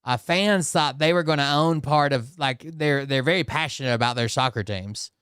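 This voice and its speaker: Skeptical man with smooth, dry voice. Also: mid-range voice, normal speed, fairly bright tone, no echo. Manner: skeptical, mocking asides with hesitant restarts. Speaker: commentary channel host. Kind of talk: casual reaction commentary.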